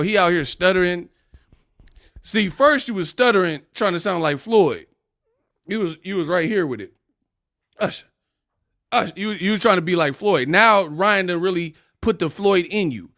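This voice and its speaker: A man's voice: high voice, dry recording, clean studio sound. A man hosting a casual boxing commentary rant, mocking and laughing as he talks. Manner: animated, mocking, laughs often.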